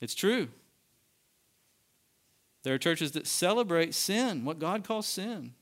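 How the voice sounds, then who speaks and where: A man's voice: high-pitched, expressive, slow, a bit bright. A man preaching a sermon to his church, building to emphatic peaks. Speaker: pastor. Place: church sanctuary.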